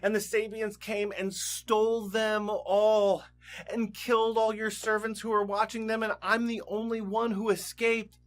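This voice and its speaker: A frightened servant blurts out news in a high, breathless rush, as a man puts him on. He is loud and gasping, and he barely gets the words out. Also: little pitch movement, measured pace, soft background music. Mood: panicked. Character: panicked breathless male servant.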